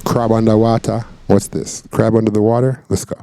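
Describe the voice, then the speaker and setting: A man with a very low, gravelly voice talks loosely over clips as host. His tone is dark and mellow, and he keeps turning to his viewers. Faint music plays underneath. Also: little pitch movement, fairly quick. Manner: laid-back, chatty, asks viewers to comment. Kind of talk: casual commentary.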